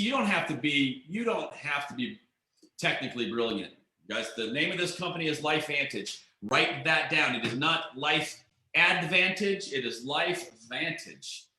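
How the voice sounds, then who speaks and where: A man giving an excited, emphatic network marketing pitch on a webinar, often repeating himself. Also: roomy sound, low-quality recording. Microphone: computer mic on a webinar.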